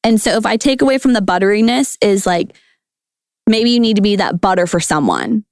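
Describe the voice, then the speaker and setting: A woman's voice: mid-range voice, a little fast, no echo, clean studio sound. A woman who used to be a food scientist, a podcast guest riffing playfully on words in casual chat. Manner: animated, silly, riffing on words.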